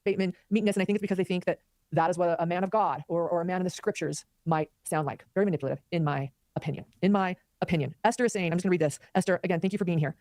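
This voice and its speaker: A woman hosting a live commentary stream, talking quickly and animatedly and reading viewer comments aloud. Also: fairly low pitch, fairly even intonation, a little mellow, dry recording, studio quality. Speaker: commentary host.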